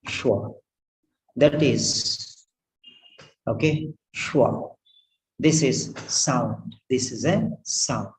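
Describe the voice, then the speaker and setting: A man's voice: mid-range voice, very slow, pauses often, low-quality recording. A man teaching pronunciation in an online class, repeating each sound several times over. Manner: repetitive, drills sounds over and over.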